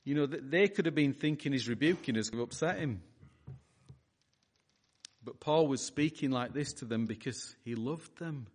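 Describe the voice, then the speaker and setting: Male pastor, earnest sermon delivery, mid-pitched voice, halting restarts and repeated words.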